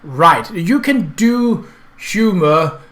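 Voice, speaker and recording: A man's voice: high-pitched, animated, drawn-out words, fairly bright tone. A man from Denmark, a native Danish speaker with a Danish accent, rambling through casual game commentary with many fillers.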